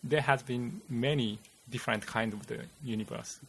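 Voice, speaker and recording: A man with a Japanese accent, a physicist guest explaining theory in casual chat, halting and searching for words. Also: medium pitch, vocal fry, slight background noise. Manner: halting, many "you know" fillers, searching for words.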